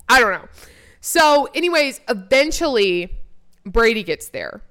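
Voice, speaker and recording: A young woman co-hosting a podcast, telling a wild party story in profane, animated casual chat and acting out quotes. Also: high-pitched, unhurried, long pauses. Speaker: podcast co-host.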